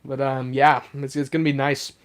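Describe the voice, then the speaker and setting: A young man chatting casually on a live stream and reading chat aloud. He is sick and his voice sounds rougher than usual. He is chatty and excitable, with lots of fillers. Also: mid-range voice, moderate pace.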